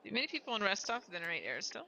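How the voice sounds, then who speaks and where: Casting: a chatty woman streamer reading game text, lively and bright. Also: mid-range voice, racing, dull audio, a faint crowd. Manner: chatty, reacts with amused asides. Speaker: streamer playing a video game. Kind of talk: reading game dialogue aloud with live commentary.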